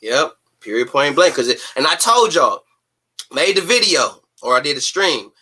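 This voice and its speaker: Bright-voiced man ranting about boxing. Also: on the high side, sing-song, husky. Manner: emphatic, profane, rapid-fire rhetorical ranting. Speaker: host. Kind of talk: heated boxing talk on a live stream.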